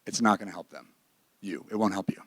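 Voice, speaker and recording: A man's voice: low voice, fairly quick, breathy edge, no echo, clean studio sound. A man teaching a ministry class in a candid, emphatic, conversational sermon style. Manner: emphatic and candid, with bursts of laughter.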